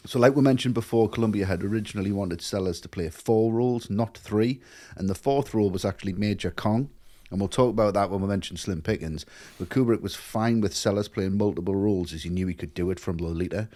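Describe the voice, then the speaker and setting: A man's voice: fairly low pitch, a little fast, dark tone. A man co-hosting a film podcast, talking in an effusive, gushing way in casual chat. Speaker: podcast co-host.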